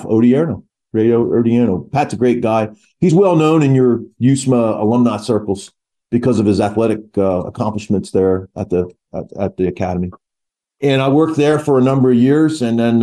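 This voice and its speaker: A man's voice: on the low side, warm tone. A man in his sixties from the Philadelphia area, a retired army officer recalling his career as a guest, talking casually with many fillers and restarts. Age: 60s. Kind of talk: casual interview.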